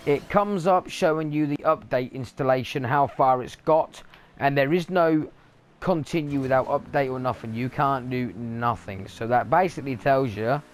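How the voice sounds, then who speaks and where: A man's voice: medium pitch, slight background noise. Sweary man ranting about games. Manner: angry, sweary rant. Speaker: gaming vlogger. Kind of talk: ranting vlog monologue.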